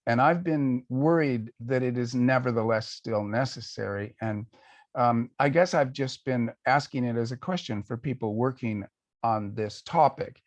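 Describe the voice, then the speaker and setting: Taking questions on a conversational panel, this older guest author responds thoughtfully and at a measured pace, pausing and using fillers. He has a mid-range voice, captured in a dry recording.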